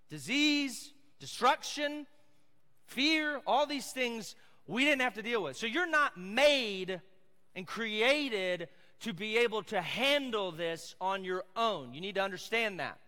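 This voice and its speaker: High, bright-voiced Southern man preaching. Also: in a large hall. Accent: Southern American. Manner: casual, conversational preaching with audience asides. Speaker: pastor. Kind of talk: sermon.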